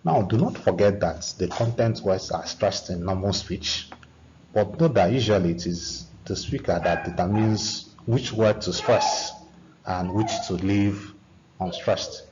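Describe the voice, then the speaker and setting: A male teacher explains a grammar lesson in a deep, low voice at an unhurried pace, stopping and restarting often. The recording is dull and lo-fi, with a faint hiss behind him. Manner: slow, halting teacher talk with repeated restarts. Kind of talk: classroom English lesson.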